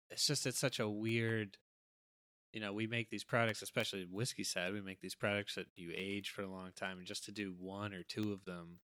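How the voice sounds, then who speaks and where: A man who works as a distiller, talking in a rambling, halting way on a casual podcast. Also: lowish voice, a bit bright, dry recording.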